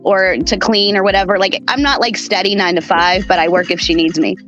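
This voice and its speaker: Woman, podcast guest, mid pitch, rambling storyteller, swears, lots of "like". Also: fairly even intonation, fairly quick, fairly bright tone, dull audio, soft background music. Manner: rambling, profane storytelling with many "like"s. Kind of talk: casual chat.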